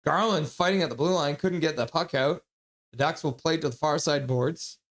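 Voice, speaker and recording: A man calls a hockey game live for his stream, quick to get excited and blunt in his judgments. His voice sits a little higher than most men's, and he slides easily between play-by-play and casual banter with chat. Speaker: streamer doing fan play-by-play.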